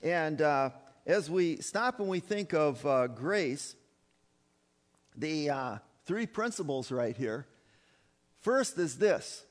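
A man preaching a sermon to his congregation, emphatic and repetitive, often asking the listeners questions. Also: a little high. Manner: emphatic, repeats phrases, addresses the congregation as folks. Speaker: pastor.

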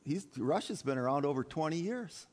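A man's voice: on the high side, animated, normal speed, darkish tone. A man preaching a sermon to his congregation, emphatic and repetitive, often asking the listeners questions. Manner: emphatic, repeats phrases, addresses the congregation as folks. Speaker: pastor.

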